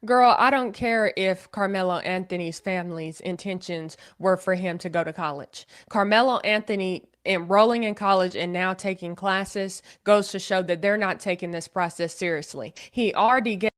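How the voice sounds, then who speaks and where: A woman's voice: medium pitch, normal speed, hardly any pauses. Blunt woman with an Oklahoma accent. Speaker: online commentator. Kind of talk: video commentary.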